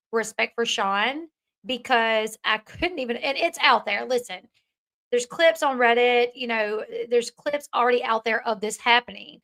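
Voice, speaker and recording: A woman's voice: a little high, pushed and bright. A woman giving casual commentary on a clip, chatty and retelling what others said.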